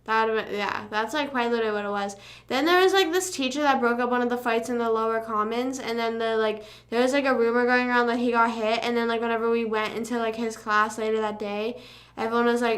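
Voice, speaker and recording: A woman's voice: a little high, fairly even intonation, fast talker, few pauses, fairly bright tone. A young woman hosting a casual livestream, rambling through school stories with lots of filler words and casual swearing. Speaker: livestream host.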